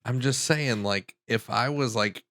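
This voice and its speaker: A man co-hosting a podcast, jumping in with jokes and quick interjections in casual banter. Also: medium pitch, heavy background noise. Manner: jokey, interjecting, backchannel responses. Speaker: podcast co-host.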